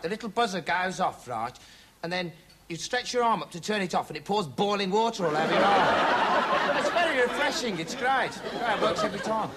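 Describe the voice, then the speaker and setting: Dopey young reporter, high voice, deadpan rambling, big audience laughter behind. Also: male voice. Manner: rambling, deadpan, halting with "like" and "you know". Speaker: bumbling investigative reporter. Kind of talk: comic monologue to camera. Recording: noisy TV studio with audience laughter.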